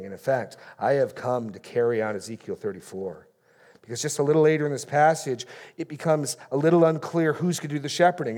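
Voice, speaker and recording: A man's voice: mid-range voice, darkish tone. A man preaching a sermon in church, reading scripture with rising emphasis on key phrases. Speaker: pastor.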